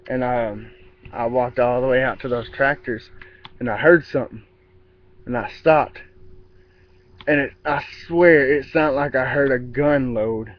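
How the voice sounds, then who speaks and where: A man telling a rambling story outdoors in casual vlog style, with restarts and mimicked sound effects. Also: mid-range voice. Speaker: vlogger. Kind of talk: casual spoken anecdote. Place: outdoors in a yard. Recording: dull lo-fi with faint outdoor ambience.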